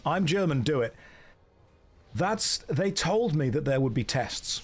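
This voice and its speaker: A man's voice: a little high, big pitch swings, measured pace, breathy edge. A man chatting casually and joking dryly as he plays a game and answers his chat. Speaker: streamer. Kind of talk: casual chat while gaming.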